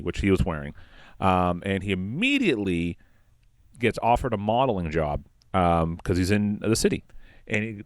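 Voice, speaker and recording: A low-voiced man spins an improvised story on a comedy podcast, his pitch swinging widely as he rambles through fillers and jumps into quick quoted voices. The sound is close and dry, with no room around it. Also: no room sound.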